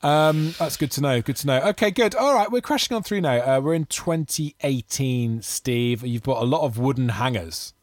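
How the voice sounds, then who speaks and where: A man's voice: mid-range voice, expressive, moderate pace, few pauses, dry recording. A man hosting a podcast in casual chat, playful and teasing. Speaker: podcast host.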